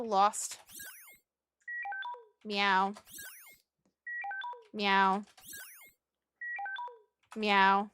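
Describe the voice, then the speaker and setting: Playful woman streamer meowing at a game, high bouncy voice, slow and drawn out. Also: a bit bright. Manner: playful, giggly, keeps meowing. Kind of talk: casual gameplay commentary.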